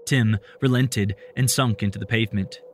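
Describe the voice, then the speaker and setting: A man reading a story aloud in a steady, measured narration. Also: fairly low pitch, slight background noise.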